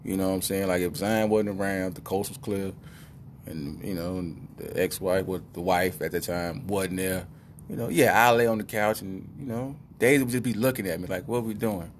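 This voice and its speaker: A man's voice: deep voice, fairly even intonation, normal speed, slight background noise. A middle-aged man telling a comic personal story in a rambling, conversational way with lots of asides.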